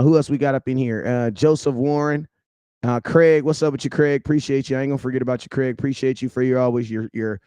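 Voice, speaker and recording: A young adult man hosting a casual livestream, loudly shouting out viewers by name in slangy talk. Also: medium pitch, clean tone, no echo. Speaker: livestream host.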